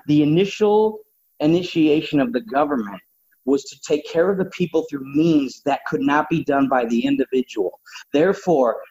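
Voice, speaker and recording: A man's voice: a little high, a little mellow, slightly rough. A man talking bluntly and combatively, swearing freely in casual opinionated talk. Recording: dull lo-fi sound.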